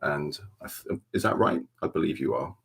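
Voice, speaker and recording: Welsh guy, super deep husky voice, soft chatty asmr stream from his room at home. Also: normal speed. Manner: relaxed, chatty, greets viewers by name. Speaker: ASMR livestream host. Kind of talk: soft-spoken ASMR chat.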